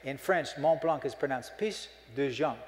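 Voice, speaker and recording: A man's voice: mid-range voice, moderate pace. Folksy joking man in an echoey hall. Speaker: keynote speaker. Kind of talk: humorous keynote speech. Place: conference hall.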